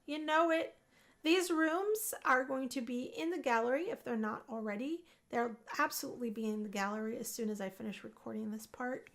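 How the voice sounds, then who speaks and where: Upbeat gamer lady talking through her sim game, a bit high voiced, keeps repeating stuff for emphasis. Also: fairly quick, a bit bright. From Puerto Rican family. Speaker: gaming video host. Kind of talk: casual Let's Play commentary.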